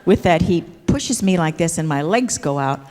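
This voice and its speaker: A woman's voice: lowish voice, lively intonation, normal speed, a little mellow. An older woman telling a comic anecdote on an auditorium stage, acting out the gestures as she goes and often asking "see?". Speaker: stage performer. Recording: echoey auditorium with long reverb.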